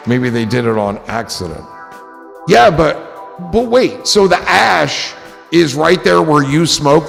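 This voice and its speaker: Gravelly, joking man hosting a stream. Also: medium pitch, in a large hall. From New Jersey. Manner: rambling, joking, profane. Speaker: livestream host reading chat. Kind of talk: casual chat.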